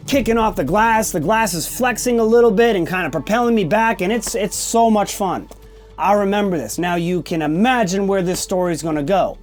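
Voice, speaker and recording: A man in his forties hosting a podcast, telling a candid personal story in a blunt, emphatic way, often checking in with "okay?" and swearing casually. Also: high-pitched. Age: 40s. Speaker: podcast host.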